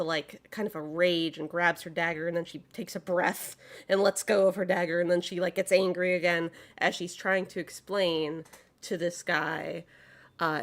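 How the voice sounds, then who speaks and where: A woman narrating a tabletop game as game master, relaxed and hesitant with many fillers. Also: on the low side.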